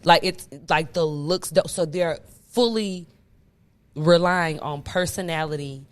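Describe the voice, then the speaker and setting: A young woman hosting a podcast, chatting casually in an animated, emphatic way with plenty of profanity. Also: fairly low pitch, measured pace. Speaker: podcast host. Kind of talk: casual chat.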